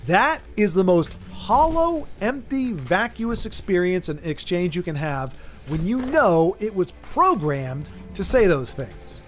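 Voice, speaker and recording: A man hosting a casual chat, rambling and restarting his sentences as he talks through an idea. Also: sits high. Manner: rambling, many restarts and repeated words. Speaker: streamer host.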